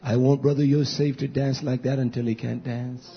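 A man preaching a sermon to his congregation, repeating phrases and building to loud, high emphatic peaks. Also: level tone, normal speed. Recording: dull lo-fi recording.

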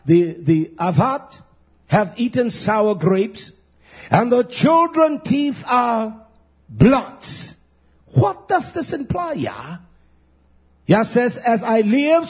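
A husky, high-pitched male preacher delivering a sermon in a dull, lo-fi recording. His voice swings widely as he calls out questions and urges the congregation to respond.

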